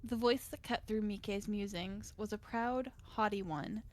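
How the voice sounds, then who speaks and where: A woman streamer narrating a visual novel in a steady, measured reading voice. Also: medium pitch.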